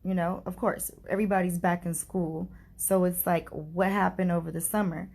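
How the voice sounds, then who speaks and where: Speaking at a moderate pace in a lowish, creaky, darkish voice with a steady tone, this grieving mother shares a personal story on her vlog. It comes out casual and chatty, heartfelt and earnest, packed with fillers such as "like" and "you know."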